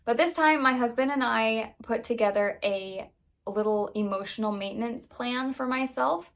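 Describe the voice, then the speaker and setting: A woman in her thirties talks casually straight to camera about family life, her voice sitting a little high. She is candid and chatty, full of "like" fillers, and her voice leaps up when something excites her. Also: moderate pace. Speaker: mom vlogger.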